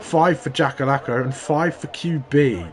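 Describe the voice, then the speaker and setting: A man co-commentating a sim race, telling rambling anecdotes with halting restarts. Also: medium pitch.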